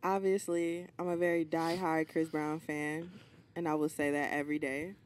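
A young woman on a casual group podcast, sassy and drawling, tossing out deadpan asides. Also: sits low, moderate pace. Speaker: podcast guest.

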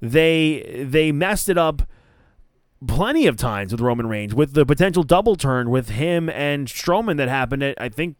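The host of a laid-back wrestling podcast shares strong opinions, wandering off and often fixing his wording mid-sentence. He speaks with a fairly high, smooth voice, captured dry in clean studio sound.

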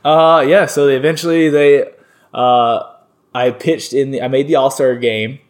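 A young man from North Carolina, a baseball player, telling stories in a relaxed interview, rambling with lots of fillers and restarts. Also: mid-range voice, unhurried. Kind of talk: casual interview storytelling.

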